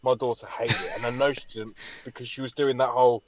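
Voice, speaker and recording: A man co-hosting a podcast, telling a story in an animated way and swearing freely. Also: mid-range voice, fast talker, no echo, rough recording. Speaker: podcast co-host. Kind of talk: casual chat.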